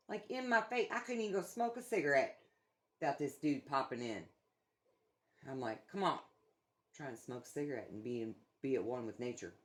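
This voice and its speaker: A middle-aged woman chatting casually, a blunt, profane storyteller who swears freely. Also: low voice. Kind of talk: casual chat.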